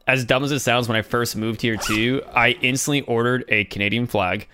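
A man's voice: medium pitch, fairly even intonation, fairly quick, pushed and bright, slight background noise. A young American man telling rambling, chatty stories with frequent restarts in a casual podcast chat. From United States.

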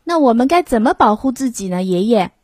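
A woman voicing a small, timid young male toad in a storybook reading, in a high, eager child-like voice. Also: sing-song, brisk, a little mellow, breathy edge, no room sound, studio quality.

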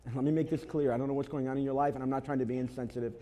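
A man preaching a sermon to his congregation as pastor, telling an animated story and driving points home with emphatic repetition. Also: medium pitch, very fast. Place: church before a congregation.

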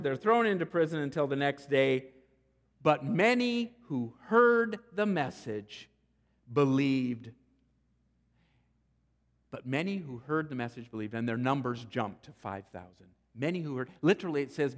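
A man preaching a sermon, emphatic and deliberate, often restarting phrases. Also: mid-range voice. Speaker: pastor. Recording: long church-hall reverb.

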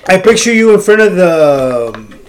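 A man's voice: high voice, sing-song, moderate pace, slight background noise. A man in casual podcast chat, chiming in in a laid-back way. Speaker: podcast co-host.

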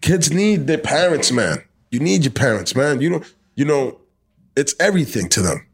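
A man's voice: on the high side, moderate pace, husky. A young man hosting a podcast outdoors, talking loosely in slang and swearing, sometimes ranting. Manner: loose, profane, animated rants with slang. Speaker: podcast host. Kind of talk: casual chat. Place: outdoors in the cold.

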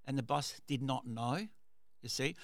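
A man's voice: mid-range voice, unhurried, dry recording. A man hosting a radio talk show, telling a story in a rambling way, with repeated words and restarts. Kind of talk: casual storytelling monologue.

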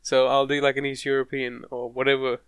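A man's voice: mid-range voice, completely flat delivery, a little fast, smooth, no room sound. A young man in casual podcast chat, joking, swearing and laughing often. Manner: laid-back banter with frequent laughter and swearing.

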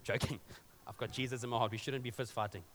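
A man's voice: medium pitch, fairly even intonation, fast talker, fairly bright tone. A male pastor preaching a sermon, telling a story conversationally with joking asides. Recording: long reverb of a large hall.

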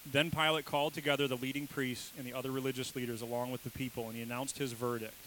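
A man preaches a sermon in a relaxed, conversational way at an ordinary pitch. He keeps checking in with his listeners and jumps into quoted voices with sudden emphasis. A faint hiss sits under the recording. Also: quick pace, low-quality recording. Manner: conversational, asks the congregation questions. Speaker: pastor.

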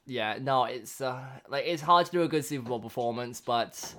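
A young man co-hosts a relationship podcast, chatting casually with plenty of fillers and frequent laughter. His voice is medium-pitched and fairly bright, at a moderate pace, with a little hiss or hum in the recording.

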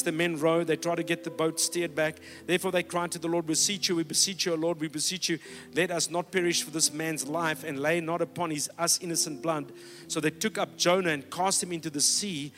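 A middle-aged man preaching a sermon, emphatic, swinging from loud exhortation down to low, quiet lines. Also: steady tone, a little fast. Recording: long hall reverb.

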